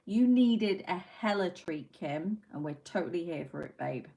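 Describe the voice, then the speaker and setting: Lowish-voiced woman chatting on stream. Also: animated, moderate pace, vocal fry, mellow, rough recording. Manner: chatty and rambling, swears freely, tangents. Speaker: livestream host reading chat. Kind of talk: casual livestream chat.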